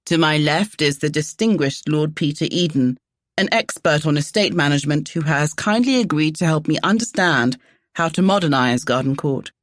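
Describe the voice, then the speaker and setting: A woman voicing a charming, secretive male aristocrat who speaks smoothly and calmly. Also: a little high, normal speed, dry recording, clean studio sound, lightly acted. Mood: formal.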